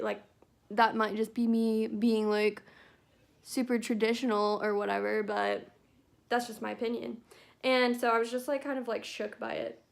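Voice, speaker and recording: A woman's voice: on the high side, vocal fry. A young woman vlogging at home, chatting casually as she does her makeup and tells stories packed with "like" fillers. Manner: chatty storytelling full of "like" fillers. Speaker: beauty vlogger. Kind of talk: casual chat while doing makeup. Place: at home, not in her bathroom.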